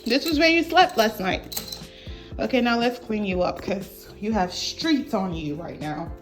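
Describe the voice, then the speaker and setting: A young woman vlogger talks to her puppy in a high, swooping sing-song, coaxing and praising him with affectionate baby talk. She speaks slowly and drawn out, with music playing clearly behind her voice. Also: lively intonation. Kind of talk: talking to her puppy on a walk and at home.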